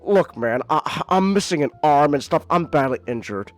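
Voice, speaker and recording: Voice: expressive, normal speed, soft background music, close to an everyday voice. Optimus Prime, as a podcaster puts him on. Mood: weary. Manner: soft, low and hushed. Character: gentle, noble giant robot leader.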